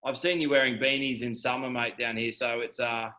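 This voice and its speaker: A young Australian man hosting a casual video call chat, chummy and halting, saying mate constantly. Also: medium pitch, fairly even intonation, pushed and bright, poor audio. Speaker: host.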